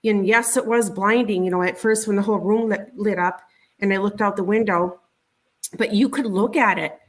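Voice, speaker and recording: Middle-aged woman telling her story in an interview, keeps stumbling and restarting, mid-pitched everyday voice. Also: fairly even intonation. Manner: halting, repeats words and restarts often. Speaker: interview guest recounting a sighting. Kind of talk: conversational storytelling.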